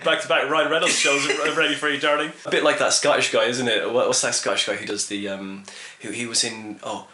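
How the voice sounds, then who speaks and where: A man's voice: medium pitch, steady tone, brisk, hardly any pauses, pushed and bright, reverberant. A man hosting a casual podcast chat, rambling and joking, swearing freely. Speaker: podcast host.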